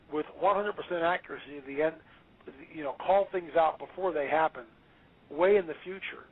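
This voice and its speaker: A male author talking as an interview guest, emphatic and preachy, quick to exclaim. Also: fairly high pitch, slightly rough. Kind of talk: animated interview talk. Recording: tinny phone-line audio.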